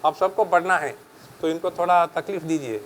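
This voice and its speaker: A man's voice: a little high, very fast, a little hiss or hum, low-quality recording. A middle-aged man with an Indian accent giving a chatty public lecture, switching between English and Hindi and laughing often.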